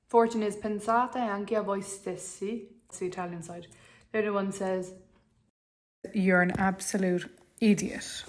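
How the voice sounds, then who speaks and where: A woman's voice: medium pitch, a little mellow, a little hiss or hum. A young woman with an Irish accent, chatting to camera in a rambling, self-mocking way. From Ireland. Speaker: vlogger. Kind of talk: casual chat to camera.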